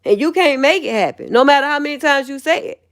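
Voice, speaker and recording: A woman's voice: high-pitched, expressive, quick pace, fairly bright tone. Angry, profane woman ranting on stream. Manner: heated, profane, laughing scornfully. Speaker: livestreamer. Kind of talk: angry livestream rant.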